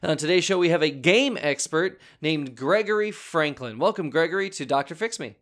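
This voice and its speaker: A man's voice: fairly high pitch, expressive, fairly quick, a bit bright. A man hosting an improvised comedy podcast as an advice doctor, flustered, theatrical and full of stammers.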